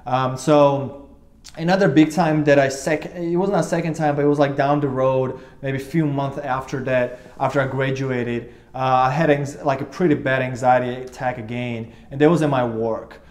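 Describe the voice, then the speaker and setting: Here a twenty-something vlogger relates his own experience straight to the camera with earnest intent. His voice is medium-pitched with a steady tone at a normal speed, though the story rambles with frequent fillers and restarts.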